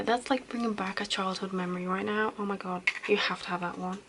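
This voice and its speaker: A young woman doing a whispered role-play as a caring best friend, soft, chatty and reassuring. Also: medium pitch, fairly even intonation, a little fast, slight background noise, low-quality recording. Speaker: ASMR host playing a caring best friend.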